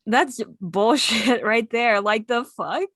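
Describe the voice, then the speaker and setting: A woman's voice: on the high side, slow, fairly bright tone, husky, no room sound, clean studio sound. A woman co-hosting a podcast, reacting to her friend's story with blunt, supportive comments and swearing. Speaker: podcast co-host. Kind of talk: casual chat.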